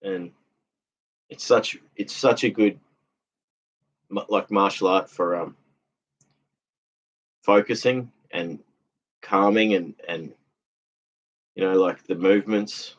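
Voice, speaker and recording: Low-voiced tired man hosting a livestream, chatty and halting, dull lo-fi sound. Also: steady tone. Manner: rambling, halting, lots of fillers and restarts, laughs often. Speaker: livestream host reading chat comments. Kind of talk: casual livestream chat.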